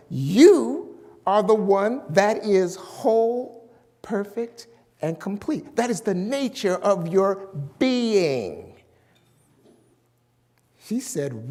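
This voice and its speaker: A man preaching a sermon as pastor, slowly and emphatically, stretching out key words. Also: high-pitched, mellow, big-room sound.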